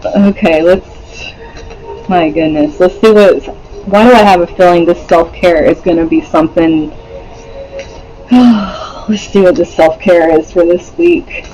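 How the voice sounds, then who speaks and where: A man's voice: sits high, a little slow, dark tone, rough recording. A man doing a casual pick-a-card tarot reading, rambling with many fillers, swearing and laughing often. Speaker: tarot reader.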